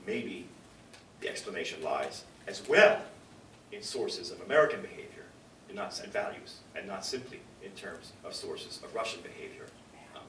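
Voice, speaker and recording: A man's voice: deep voice, a bit bright, slight background noise. An older man giving a public lecture to a room, emphatic and fond of rhetorical questions and asides to the audience. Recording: echoey lecture hall from far off.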